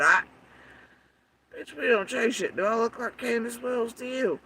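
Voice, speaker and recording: A man rants on his livestream, cursing freely and throwing his critics' words back at them in mocking impressions. His voice sits a little high for a man and is picked up from some distance off the mic. Faint traffic and room noise hum underneath. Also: big pitch swings, normal speed, sharp tone. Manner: profane, defiant, mimics critics in mocking quotes. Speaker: livestream host. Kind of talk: angry livestream rant. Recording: voice somewhat far from the mic.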